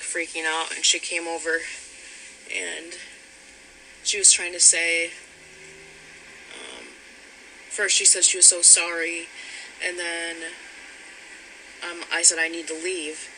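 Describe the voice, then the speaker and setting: A man giving a rambling personal account, halting with frequent fillers and restarts, sometimes quoting heated exchanges. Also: a little high, flat delivery, pushed and bright, poor audio. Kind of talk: personal account of a past relationship. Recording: noticeable background noise.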